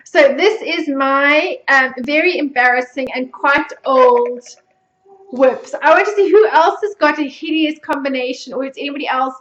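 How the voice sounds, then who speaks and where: A South African woman with a high voice chats casually on her podcast, poking fun at herself and laughing often. The recording sounds dull and lo-fi. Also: normal speed, fairly bright tone, roomy sound. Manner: chatty, self-mocking, laughs often. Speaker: podcast host. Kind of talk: casual chat.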